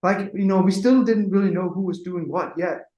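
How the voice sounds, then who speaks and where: A middle-aged man, a music producer, telling anecdotes in a lively, casual way, acting out what people said and swearing freely. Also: sits high, normal speed, reverberant, muffled recording. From Denmark. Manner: animated, acts out quotes, swears freely.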